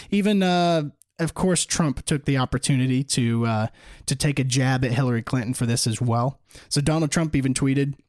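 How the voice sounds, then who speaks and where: A man's voice: mid-range voice, no room sound, studio quality. A man hosting a solo political podcast, talking in an indignant, mocking way and laughing at his own points. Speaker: podcast host.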